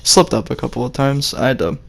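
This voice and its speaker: Giggly young man, lively voice. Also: mid-range voice, fairly quick, vocal fry. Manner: giggly and joking, lots of fillers. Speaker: podcast host. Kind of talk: casual podcast chat.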